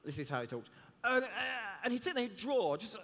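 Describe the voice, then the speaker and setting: A man, a cellist giving a lively talk on stage, chatty and joking in asides. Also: high voice, a little fast. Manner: chatty, self-deprecating, jokey asides. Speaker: conference speaker and cellist. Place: large hall on stage. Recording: long reverb of a big hall.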